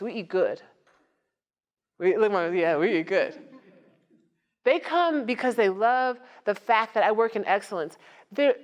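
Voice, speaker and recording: A woman giving a motivational talk to a live audience as a nonprofit founder, conversational and joking, often asking the crowd questions. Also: medium pitch. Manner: lively, conversational, asks the audience questions and jokes.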